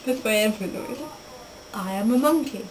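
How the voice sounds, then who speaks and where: A woman's voice: a little high, moderate pace, distant mic. A young woman doing silly animal noises for a home video, giggling between them. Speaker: vlogger. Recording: noisy home recording.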